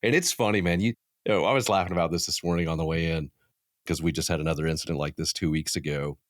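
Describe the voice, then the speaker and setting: A man in his thirties spins a story as a guest on a podcast, lively and full of swearing. His voice sits low, and the sound is dry and close with no room around it. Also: quick pace, no echo. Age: 30s. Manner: animated, profane storyteller. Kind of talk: casual storytelling chat.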